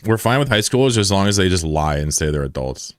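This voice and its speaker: Low-voiced joking male streamer. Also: sing-song, fast, no room sound, clean studio sound. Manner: joking and profane, banters with chat. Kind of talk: casual live-stream chat.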